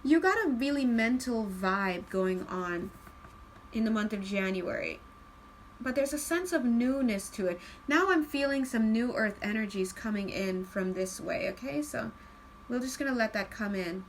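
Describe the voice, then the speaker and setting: A woman giving a casual spiritual card reading, chatty and laughing often, slowing into a calm tone at times. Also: fairly high pitch, a little hiss or hum, poor audio. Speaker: tarot card reader.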